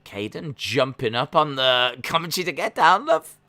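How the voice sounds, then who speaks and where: A man hosting a casual live watch-along stream, calling the action and answering chat questions, sometimes jumping into high-pitched disbelief. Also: moderate pace, dry recording. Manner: breaks into high-pitched disbelief when excited. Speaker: live stream reaction host.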